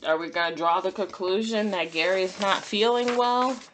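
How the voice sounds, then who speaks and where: A woman's voice: mid-range voice, moderate pace, a bit bright, slight background noise. A woman teacher reading a picture book aloud to children, stopping to ask them questions. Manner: sympathetic, asks questions.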